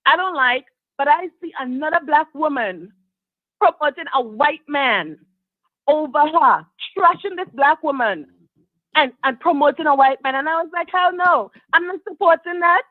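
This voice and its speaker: A woman's voice: high voice, expressive, moderate pace, no room sound. A woman from Trinidad calling into a live talk show, speaking emphatically about her views. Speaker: caller. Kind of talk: call-in show opinion. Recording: tinny phone line, dry.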